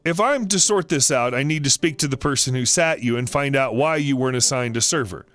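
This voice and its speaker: A man voicing a polite, measured male restaurant manager who stays firm. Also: mid-range voice, a bit bright, faint music behind, lightly acted.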